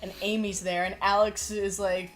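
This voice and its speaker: A woman's voice: mid-range voice, level tone, moderate pace, soft background music. Young woman, mocking and exasperated. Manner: mocking, exasperated, acts out scenes in mock voices. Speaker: podcast co-host. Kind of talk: casual chat.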